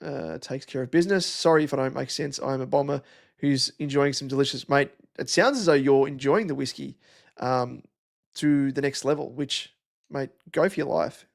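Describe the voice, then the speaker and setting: A man's voice: medium pitch, moderate pace, creaky. An Australian young man hosting a casual live stream, rambling and chatty with lots of fillers as he reads out comments. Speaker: livestream host.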